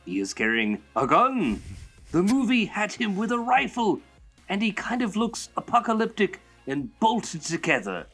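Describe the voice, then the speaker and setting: A raised, theatrical Joker voice, as a man puts it on for reading a fan letter. It rises and falls in a sing-song, playful way, swooping widely across its range. The voice sits clearly higher than the man's usual talk. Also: very animated, normal speed, a bit bright, faint music behind, exaggerated voice. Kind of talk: reading a listener letter aloud.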